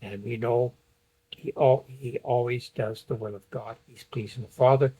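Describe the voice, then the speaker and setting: Husky-voiced man teaching a Bible study. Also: medium pitch, fairly even intonation, moderate pace, warm tone, rough recording. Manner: explains point by point, reads passages aloud. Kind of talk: Bible study lesson with slides.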